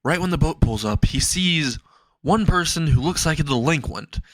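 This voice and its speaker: A man's voice: on the high side, lively intonation, moderate pace, no room sound. Guy rambling thru a fan story, swears a lot, dry sound, close mic. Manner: rambling, profane, laughs at own jokes. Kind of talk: casual fan story narration.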